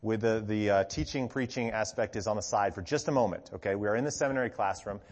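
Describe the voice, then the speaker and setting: A man's voice: lowish voice, quick pace. A man giving a conversational teaching sermon as a pastor, often checking in with the congregation and stressing key words with animation. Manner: conversational, frequent "okay?" check-ins, animated emphasis. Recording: long hall reverb.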